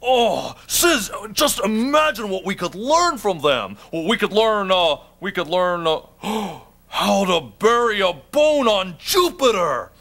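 A man's voice: high-pitched, takes it slowly, exaggerated voice. A man voicing an eager, goofy male puppet dog who gasps and stumbles over his ideas in a children's TV puppet show. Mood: excited. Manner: excitable, bumbling, gasping.

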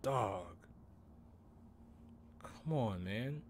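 A man's voice: on the low side, animated, extremely slow, a little hiss or hum. A young man ranting casually on a game live stream, incredulous and profane, calling everyone "bro".

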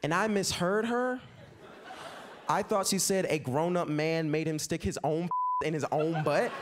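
Speaking a little slowly, with a pitch on the high side, a young American man delivers stand-up in front of a live club audience. He's animated, performing screaming children and other voices as he tells his stories, and the crowd's laughter and noise come through on the recording.

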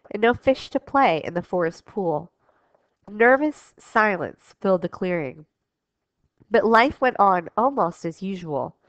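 A woman's voice: medium pitch, no echo. A woman teacher reading a storybook aloud expressively, then giving class instructions. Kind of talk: storybook read-aloud lesson. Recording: dull dry lo-fi recording.

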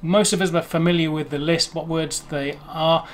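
A man's voice: a little high, steady tone, moderate pace, a little hiss or hum. Chatty Englishman explaining pronunciation. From England. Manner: chatty, rambling, self-correcting. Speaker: language video host. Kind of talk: explaining to camera.

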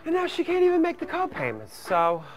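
A man's voice: very high-pitched, wildly swooping pitch, fairly quick, over music, heavily acted. A man playing a brash, gossipy middle-aged mother who chatters on and snaps at others. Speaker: comic actor. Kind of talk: comedy sketch acting.

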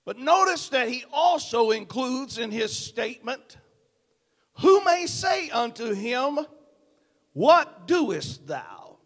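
A high-voiced man with a Southern US accent preaches from the pulpit, taking his time. His voice climbs from hushed prayer to ringing shouts, and the church's long reverb trails behind each phrase. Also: very animated, takes it slowly. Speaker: pastor. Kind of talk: sermon. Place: church sanctuary.

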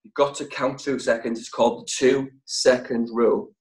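A man's voice: medium pitch, steady tone, a little mellow, low-quality recording. Emphatic man coaching sales. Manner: emphatic, punchy short phrases with deliberate pauses. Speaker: sales trainer. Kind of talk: motivational training talk.

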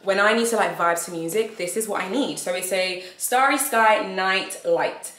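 A young woman, chatting excitedly on a phone camera at home as a vlogger, gushing and slangy. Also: mid-range voice, moderate pace. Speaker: vlogger and interviewer. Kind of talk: casual vlog chat. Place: at home, indoors. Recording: echoey room with background noise.

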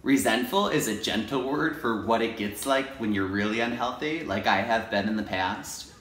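Expressive man vlogging in an echoey room. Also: normal speed, soft background music. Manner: expressive, jumps into high acted inner voices; ends softly with self-affirmations. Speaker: teacher and video blogger. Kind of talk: personal confessional vlog.

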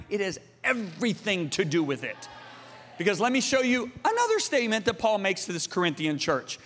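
A man in his sixties preaching a sermon, telling his own story and calling out to the congregation, moving between loud appeals and hushed passages. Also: high-pitched, big pitch swings, fairly quick. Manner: calls out to the congregation. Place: large church auditorium. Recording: long reverb of a large hall.

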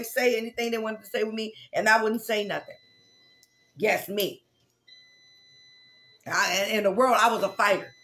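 High-voiced woman pastor, fervent preaching. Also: a bit bright. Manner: fervent, repetitive preaching with conversational asides. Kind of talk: prayer meeting sermon.

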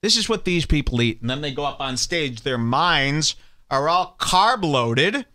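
High lively sarcastic ranting man. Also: a little slow. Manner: mocking, insulting, sarcastic. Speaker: podcast host. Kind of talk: ranting comedy commentary over clips.

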